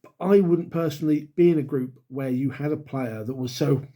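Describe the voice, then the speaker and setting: Mellow-voiced middle-aged man giving wry opinions. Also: fairly high pitch, moderate pace. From United Kingdom. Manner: wry, candid, with sighs and dry asides. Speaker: YouTube host and dungeon master. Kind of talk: opinionated solo talk to camera.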